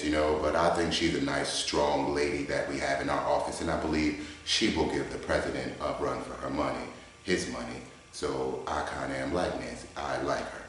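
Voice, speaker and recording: A man voicing a mild-mannered, soft-spoken male debater who talks in a measured, hesitant way, recorded in a garage. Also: rumbling low. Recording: echoey garage.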